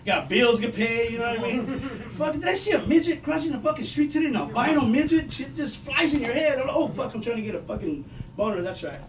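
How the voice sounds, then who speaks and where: Man, 50s, high-pitched, profane stand-up comic, roomy distant recording. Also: fairly quick. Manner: profane, loud, animated storytelling. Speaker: stand-up comedian. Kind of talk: stand-up comedy set. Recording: echoey room, mic heard from a distance, noisy.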